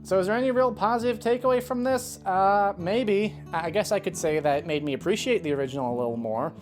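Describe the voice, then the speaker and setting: A woman's voice: mid-range voice, fast, darkish tone, faint music behind. A woman ranting in a video review, heated and exasperated, swearing freely and sighing between points. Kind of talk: ranting commentary.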